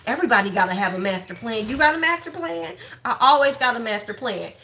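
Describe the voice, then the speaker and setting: A woman's voice: a little high, lively intonation, fast talker, pushed and bright. A woman hosting a livestream, gossiping bluntly and profanely about online drama straight to her viewers. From Texas. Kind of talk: casual livestream commentary.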